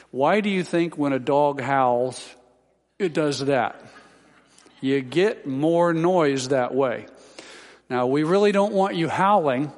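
A man's voice: fairly high pitch, takes it slowly, darkish tone. A man, a Baptist pastor, giving rambling, homespun church announcements to his congregation, with lots of fillers and dry humorous asides. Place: large church sanctuary. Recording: long reverb of a church hall.

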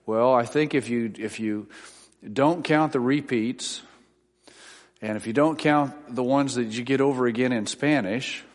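A middle-aged man preaches in a homey, wry storytelling manner, circling back and restarting as he goes. His voice sits at an ordinary middle pitch. It rings out with a long reverb, as in a church sanctuary. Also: a little slow. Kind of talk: sermon with personal anecdotes.

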